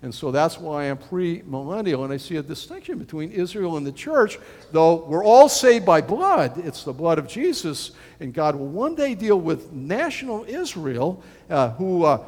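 Lively preacher in an echoing hall. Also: male voice, fairly high pitch, normal speed. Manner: animated, folksy, acts out quoted people with gasps. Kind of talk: sermon. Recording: long reverb of a large hall.

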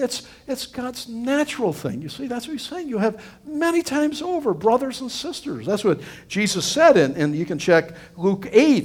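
A man's voice: high voice, a little mellow. A middle-aged male pastor giving a conversational sermon, earnest and rambling, with frequent restarts and fillers.

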